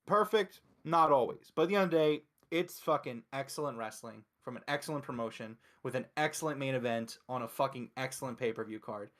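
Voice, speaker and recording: A man from Philadelphia hosting a casual wrestling review show, talking excitedly and emphatically with frequent swearing. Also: medium pitch, a little fast, hardly any pauses. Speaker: host.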